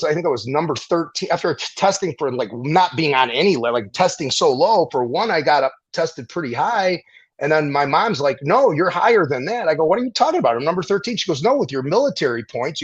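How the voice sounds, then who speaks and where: A middle-aged man, a veteran and former firefighter, telling stories in a casual interview, animated and profane, acting out the people he quotes. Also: fairly high pitch, brisk, slightly rough, highs cut off.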